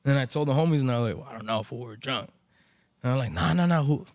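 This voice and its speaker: A man's voice: mid-range voice, fast talker, dry recording, studio quality. Slangy, profane man telling a story. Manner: slangy, profane, mixes in Spanish. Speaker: barber event organizer, podcast guest. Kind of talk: casual storytelling chat. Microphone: podcast microphone.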